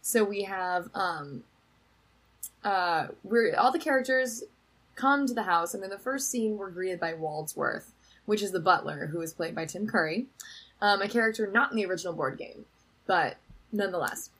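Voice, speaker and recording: A woman's voice: medium pitch, normal speed, slightly rough, poor audio. A young woman co-hosting a podcast, chatting casually and retelling a film with lots of "like". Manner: chatty, says "like" a lot, lively retelling. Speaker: podcast co-host recapping a film. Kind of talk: casual chat.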